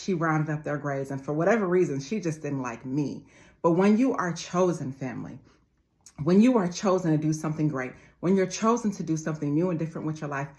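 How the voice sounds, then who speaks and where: A woman in her forties speaks in a low, deep register. She delivers a motivational talk with emphatic repetition and keeps addressing her listeners as family. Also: darkish tone. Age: 40s. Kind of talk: motivational monologue.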